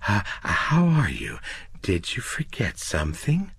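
Man doing a coy, breathy receptionist. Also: fairly low pitch, wildly swooping pitch, slow, fairly bright tone, voice pushed up, heavily acted.

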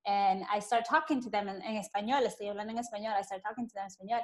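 A woman from Peru, a native Spanish speaker, hosts a conversational interview. Her voice is at a medium pitch, and she talks reflectively, pausing often on "um" and "uh.". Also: steady tone. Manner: reflective, with frequent "um" and "uh".

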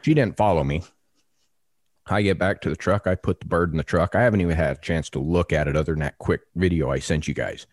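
A man co-hosting a podcast, telling a story in a casual, animated, salty way and acting out voices. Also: low-pitched, fast, dry recording, studio quality. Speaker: podcast co-host.

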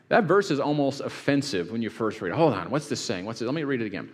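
Pastor preaching in a reverberant hall. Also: male voice, mid-range voice, sing-song, fast, few pauses, breathy edge. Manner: reads scripture and quizzes the audience. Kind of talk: sermon to a live congregation.

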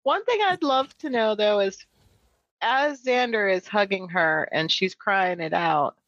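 A woman's voice: medium pitch, unhurried, fairly bright tone, dry recording, muffled recording. A woman co-hosting a casual TV episode recap, joking and laughing often. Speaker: podcast co-host.

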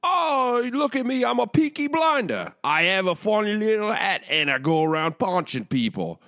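A man's voice: high voice, big pitch swings, normal speed, no room sound, studio quality, voice pushed up, exaggerated voice. A man voicing a brash mock Cockney brawler in a fake Cockney accent, in a podcast ad read. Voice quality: shouty, exaggerated. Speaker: podcast co-host reading ad.

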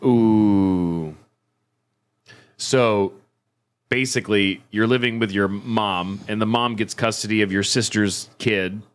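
A man's voice: on the low side, fairly even intonation, a little slow, a bit bright. A man co-hosting a comedy podcast, reading online stories aloud and breaking in with laughing asides. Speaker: podcast co-host.

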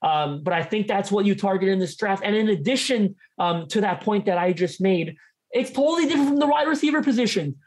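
Energetic man in fast sports chat. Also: high voice. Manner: energetic, fast, stumbles over repeated words. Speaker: sports podcast co-host.

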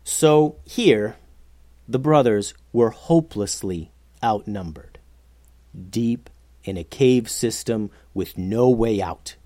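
A storyteller narrating an adventure story for children in an animated, expressive way. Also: mid-range voice, slow, dry recording.

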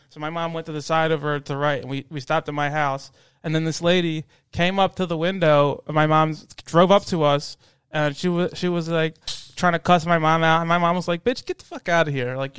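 A man co-hosting a casual podcast, telling an animated story and mimicking voices as he goes. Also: fairly high pitch, clean tone, dry recording. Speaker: podcast co-host. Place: studio basement.

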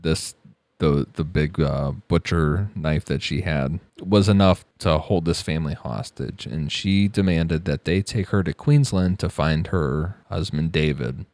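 A man's voice: extremely low pitch, measured pace, a little mellow, no room sound. A man narrating a true crime case on a podcast, with blunt, profane asides.

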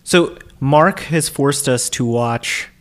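A man's voice: medium pitch, slow, a bit bright. A man co-hosts a casual podcast and asks the guest questions. He slips in dry, joking asides. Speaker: podcast co-host.

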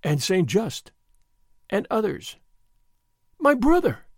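A man's voice: high-pitched, normal speed, no echo, studio quality, heavily acted. Man voicing an eager, anguished young noblewoman. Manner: eager, excitable, pleading.

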